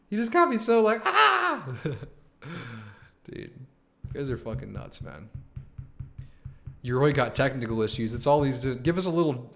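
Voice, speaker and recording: A young man hosting a live stream, chatting casually with his viewers, excited and slangy, swearing and saying "man" and "dude" a lot. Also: medium pitch. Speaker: livestream host.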